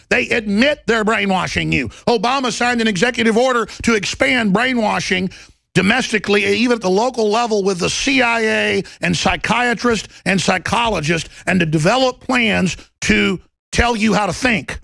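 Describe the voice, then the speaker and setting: Gravelly ranting male talk show host. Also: high voice, normal speed, no room sound. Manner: ranting, urgent, bursts into shouting. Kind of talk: impassioned talk show monologue.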